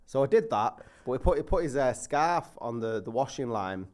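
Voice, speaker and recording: A man's voice: medium pitch, lively intonation, normal speed, darkish tone. A man, co-hosting a casual football podcast, self-mocking with crude humour and hesitant restarts. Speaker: podcast co-host.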